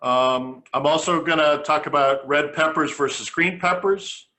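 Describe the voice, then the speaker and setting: Male cooking host, bright crisp timbre, homespun and conversational. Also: on the high side, a little slow. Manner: chatty, homespun, stops and restarts phrases. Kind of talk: casual cooking demonstration.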